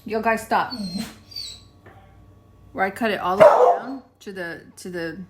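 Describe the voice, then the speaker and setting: The recording is very noisy, carrying a young woman's unhurried, mid-range voice. She's a vlogger at home indoors, rambling chattily to her audience, laughing often and talking to her dogs in the middle of sentences.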